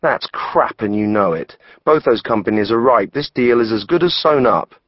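A sharp, quick-tongued young financier, voiced by a man, sardonic and fast to push back. The sound is close, dry and a little dull. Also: medium pitch, expressive, dry recording, close to an everyday voice. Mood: defiant.

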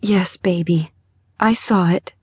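A woman voicing a frightened, loving young mother in an audiobook, speaking softly and through tears. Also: medium pitch, expressive, unhurried, breathy edge, dry recording, clean studio sound. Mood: tender. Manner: soft, tearful, whispering. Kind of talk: audiobook character voice.

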